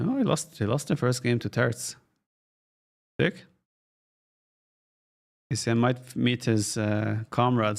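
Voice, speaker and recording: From his home office, a man does casual live-stream commentary on an esports match, relaxed and thinking aloud as he reads out chat questions. His voice is lowish and creaky.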